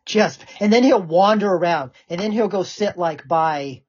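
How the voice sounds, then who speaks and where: A woman's voice: fairly low pitch, moderate pace, a little mellow, husky, lo-fi sound. A woman hosting a casual chat podcast, laid-back and laughing often. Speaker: podcast host.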